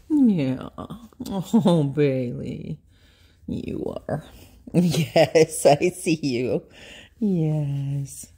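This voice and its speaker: A woman's voice: low voice, drawn-out words, long pauses, mellow, breathy edge. A woman talking baby talk to her pets, cooing, emotional and affectionate, drawn out and sometimes dropping to a whisper.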